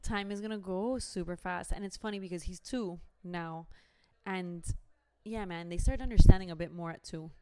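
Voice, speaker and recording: A woman's voice: lowish voice, moderate pace, warm tone. A young woman, chatting animatedly and dropping in Spanish phrases. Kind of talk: casual chat.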